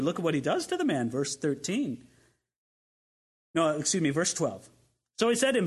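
A male pastor delivers a sermon in a high, bright register. His pitch swings widely as he reads scripture and then acts out the guests and the king in the parable, the delivery vivid and theatrical. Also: moderate pace, breathy edge. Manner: animated, acts out voices of listeners and the king.

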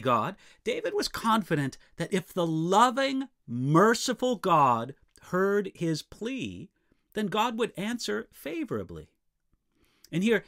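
A man delivering an expository sermon in a fairly high, lively voice that climbs for emphasis when he reads scripture. Between readings he falls low and quiet for asides, and his tone swings widely across each phrase. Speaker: preacher.

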